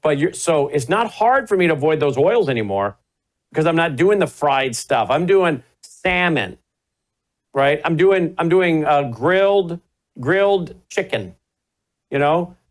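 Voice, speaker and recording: A man's voice: on the high side, expressive, a little slow. A middle-aged man hosting a talk show, telling rambling stories in casual chat and correcting himself as he goes. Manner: rambling storyteller, self-correcting.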